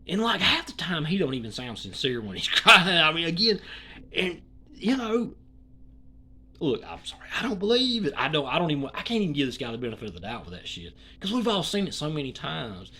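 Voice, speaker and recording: A YouTuber, rambling through an indignant opinion commentary and swinging between loud and hushed talk. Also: mid-range voice, very animated, fairly quick, slightly rough.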